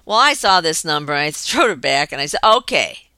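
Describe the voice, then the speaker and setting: An older woman hosting her own show, chatting through a personal story in an animated, storytelling way. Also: low-pitched, fairly quick, clean tone, no echo. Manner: chatty, animated storyteller acting out quoted voices. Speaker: show host.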